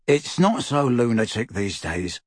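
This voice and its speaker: A man's voice: mid-range voice, very animated, measured pace, no echo, clean studio sound. A man voicing a blunt, frank middle-aged wizard in a storybook reading, confiding and scornful.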